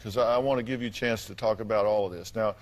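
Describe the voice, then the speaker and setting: A man's voice: fairly low pitch, fairly even intonation, fast talker. A man hosting a studio talk show and pressing a guest with pointed questions.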